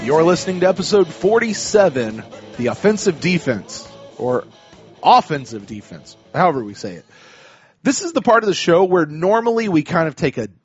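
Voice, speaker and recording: A man's voice: high-pitched, big pitch swings, fairly quick, lo-fi sound, soft background music. A man hosting a casual sports podcast, chatty and full of restarts. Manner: chatty, many restarts and fillers. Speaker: podcast host.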